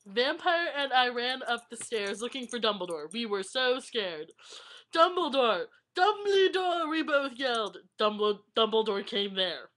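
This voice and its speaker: A woman's voice: on the high side, expressive, normal speed, few pauses, a bit bright. A young woman vlogging at her webcam, reading aloud and often breaking into giggles. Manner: giggly, keeps breaking into laughter while reading. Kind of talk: casual vlog, reading aloud.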